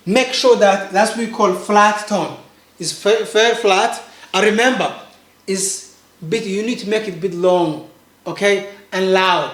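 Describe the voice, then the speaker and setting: A man's voice: high-pitched, moderate pace, reverberant. A man teaching an online language lesson, patiently repeating points and drawing out long sample sounds for the learner to copy. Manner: patient, repetitive drilling with sung-out sample sounds. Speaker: Chinese pronunciation teacher.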